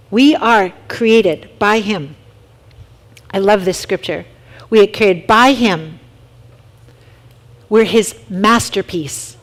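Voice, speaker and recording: A woman leading a casual youth talk for middle schoolers, telling lively stories and asking the group questions. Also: a little high.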